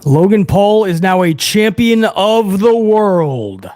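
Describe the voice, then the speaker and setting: A man's voice: high voice, big pitch swings, takes it slowly, a little mellow. A man hosting a live watch-along review, ranting heatedly to his chat with plenty of swearing. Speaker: host of a wrestling review show.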